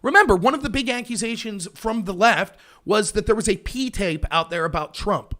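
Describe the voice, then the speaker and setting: A man hosting a political livestream, talking in a sarcastic, animated way and mocking his opponents. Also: sits high, moderate pace. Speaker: host of a political talk show.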